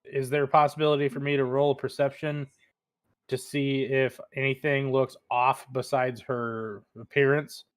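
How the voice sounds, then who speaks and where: A man's voice: medium pitch, flat delivery, normal speed. A man playing a tabletop game, joking around and asking the game master questions. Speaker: player. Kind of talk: casual tabletop game chat.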